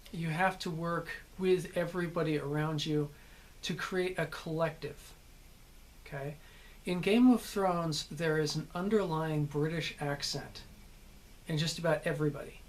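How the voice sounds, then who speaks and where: A man's voice: a little high, measured pace. A middle-aged American man, an actor, explaining character and accent work in a casual, conversational way, often checking in with "okay?". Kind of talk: casual acting lesson to camera.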